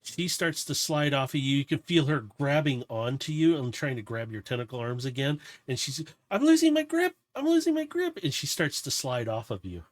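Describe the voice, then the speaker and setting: A man's voice: mid-range voice, normal speed, hardly any pauses, a bit bright, dry recording. A man narrating as game master of a tabletop game, loose and rambling with restarts.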